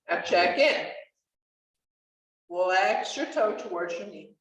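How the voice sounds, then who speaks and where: A woman's voice: on the low side, animated, takes it slowly, pauses often, lo-fi sound. Chatty woman leading a chair yoga class. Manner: encouraging, chatty, laughs often. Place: community class room. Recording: echoey room, voice from far off mic.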